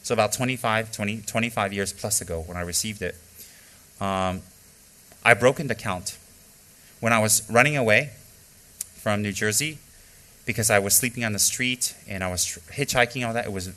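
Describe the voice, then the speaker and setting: Emphatic, bright-voiced male Buddhist teacher. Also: lowish voice, a little fast. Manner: emphatic, repeats key phrases for stress; candid personal storytelling. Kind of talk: spoken dharma teaching.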